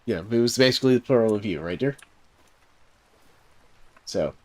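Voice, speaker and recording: This Southern US game streamer and server host has a low, slightly mellow voice and sounds animated at a normal speed. Chatting casually during a live gaming stream, he rambles through his tales with heavy fillers and chuckles throughout.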